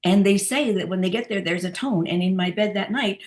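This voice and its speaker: A woman in a discussion group telling a personal story in a casual, animated way, with fillers and restarts. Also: medium pitch, brisk. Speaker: group participant sharing a story.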